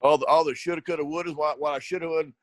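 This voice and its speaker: A man's voice: a little high, fairly even intonation, fast, no echo, poor audio. A middle-aged man, an ATV racer, telling rambling stories in a casual interview, laughing often and repeating words. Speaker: ATV racer and riding school coach.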